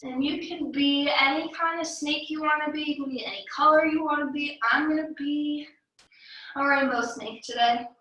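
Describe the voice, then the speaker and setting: A woman's voice: high voice, steady tone, normal speed, bright, forceful tone, highs cut off. A young adult woman guiding a children's yoga class, upbeat and encouraging, with playful animal sounds and sung cues. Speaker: kids yoga teacher. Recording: echoey room, voice from a distance.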